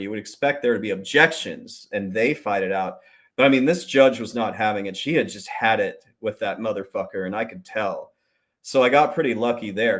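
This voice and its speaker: A man with a lowish voice tells a long story as the host of his own show. He talks casually, swears freely and livens things up by acting out the people he quotes. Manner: profane, animated retelling with quoted voices. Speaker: podcast host.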